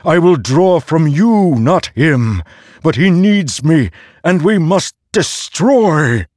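A man voicing a bloodthirsty sentient black sword in an audiobook, slow and insistent, with a high drawn-out distant voice. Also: animated, a little mellow, no room sound, studio quality. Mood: eager. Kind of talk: audiobook character voice.

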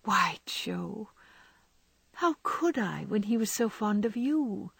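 A woman voicing a gentle, frail young woman who is dying and resigned, speaking softly and in a whispery way. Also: medium pitch, lively intonation, slow pace, creaky, husky, no echo, pitched above the performer's own voice, full character voice. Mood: wistful. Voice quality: soft and whispery.

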